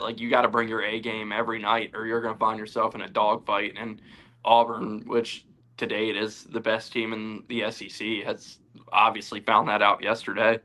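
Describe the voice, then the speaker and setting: A young man co-hosts a casual sports chat, talking loosely and packing his speech with fillers. His voice is on the low side with a sharp tone.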